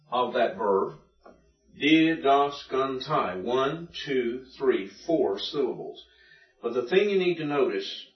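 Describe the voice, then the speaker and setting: A man's voice: mid-range voice, recorded from a distance. A male teacher explaining accent rules to a class step by step, in a patient classroom manner. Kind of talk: classroom Greek lesson. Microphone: far from the mic. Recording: dull, echoey classroom recording from afar.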